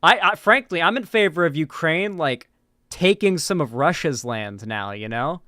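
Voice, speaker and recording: A man's voice: fairly high pitch, animated, moderate pace, pushed and bright, no room sound, studio quality. A man from Florida doing casual livestream commentary, rambling with lots of "like" and restarts as he talks to his chat.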